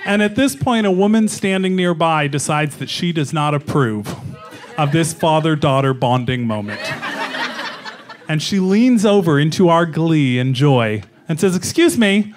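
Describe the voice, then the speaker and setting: High-voiced man telling stand-up stories. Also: a little slow, a little hiss or hum. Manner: storytelling, chuckling, animated. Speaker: stand-up comedian. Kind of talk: stand-up comedy set. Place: comedy club stage. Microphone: stage microphone.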